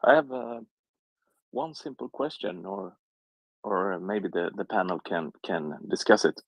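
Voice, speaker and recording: A man with a very low voice full of vocal fry puts questions to a live panel. He stops and restarts as he searches for the words. The recording is dry. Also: expressive, dry recording, low-quality recording. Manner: hesitant, halting questions. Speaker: audience member asking questions. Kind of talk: casual panel discussion.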